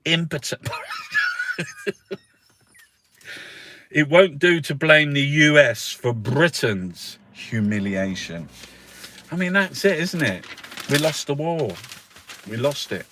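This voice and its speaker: A man's voice: on the high side, very animated, slow, pushed and bright, a little hiss or hum. A man reviewing the news in a casual, sarcastic rant, swearing and laughing often. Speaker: political commentator reviewing newspapers. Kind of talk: casual ranting newspaper review.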